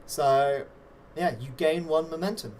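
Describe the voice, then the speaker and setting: A man's voice: on the high side, unhurried, a little mellow, a little hiss or hum. A man as game master, narrating a tabletop wrestling game with playful, vivid play-by-play.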